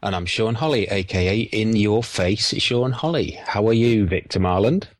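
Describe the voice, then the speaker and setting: Low-voiced podcast co-host. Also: male voice, moderate pace. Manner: relaxed, matter-of-fact storytelling. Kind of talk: casual chat.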